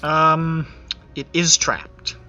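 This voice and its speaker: Guy running a tabletop game, slow bright voice, kinda muffled lo-fi audio. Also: a little high, level tone. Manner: unhurried descriptive narration. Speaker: game master. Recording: dull lo-fi audio with faint music.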